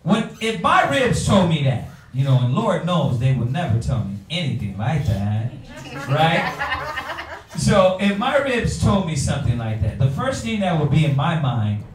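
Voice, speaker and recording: A man's voice: fairly high pitch, huge pitch swings, a little hiss or hum. Man preaching playfully in an echoey room. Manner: drawn-out, playful, acts out quotes. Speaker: class speaker. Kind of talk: Bible class preaching. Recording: echoey room, mic far off.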